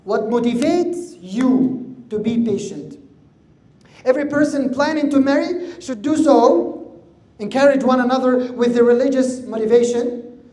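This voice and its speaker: A man's voice: extremely high pitch, unhurried, warm tone. A man giving a religious lecture, earnest and repeating his key words for emphasis. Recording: echoey room.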